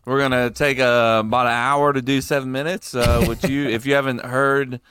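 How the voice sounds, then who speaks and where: A young man hosts a casual podcast chat, rambling and joking, with plenty of "um" and "uh" between thoughts. His voice is smooth and clear at an average pitch. It sounds close to the mic in a dry, dead room. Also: level tone, moderate pace, fairly bright tone, no echo. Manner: rambling, filler-heavy, joking. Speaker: podcast host.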